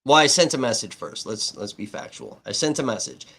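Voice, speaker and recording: A man at mid pitch tells a story to his livestream audience in loose, swear-heavy talk. He keeps the retelling animated and acts out each side of the conversation as he goes. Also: fairly quick, creaky, husky. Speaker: livestream host and independent writer. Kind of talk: casual profane storytelling.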